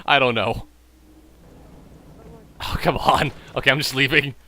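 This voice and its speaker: A man's voice: medium pitch, steady tone, unhurried, sharp tone. A tipsy man hosting a gaming channel, giving rambling, jokey commentary over his play. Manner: rambling, jokey, self-amused. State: tipsy from drinking. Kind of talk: casual gameplay commentary.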